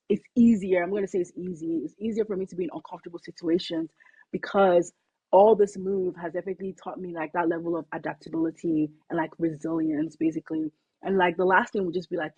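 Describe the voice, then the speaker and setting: A young woman from Nigeria, chatting as an interview guest, talking in a lively way with lots of "like"s. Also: on the low side, slightly rough, no room sound, muffled recording. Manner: chatty, animated, filler-heavy with many "like"s. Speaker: guest, company founder. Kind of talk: casual interview conversation.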